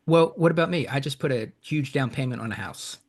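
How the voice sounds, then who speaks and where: A man with an average-pitched voice hosts a casual podcast. He chuckles often and pokes fun at himself. He stumbles and restarts as he reads a listener's email aloud. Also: a little fast. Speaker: podcast host.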